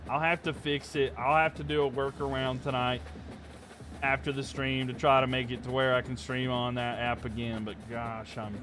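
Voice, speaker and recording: A man's voice: medium pitch, moderate pace, faint music behind. A man live-streaming a football video game, calling plays like a commentator and venting his frustration between snaps. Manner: frustrated asides between excited play calls.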